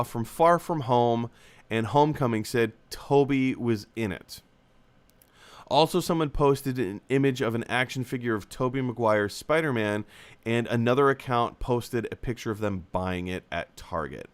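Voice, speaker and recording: A young man hosts a casual live movie stream, talking through viewer comments off the cuff. His pitch swings widely and lively, and he rambles with plenty of ums and restarts. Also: unhurried, clear, resonant tone. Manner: rambling, restarts, many fillers. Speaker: host of a live movie chat show.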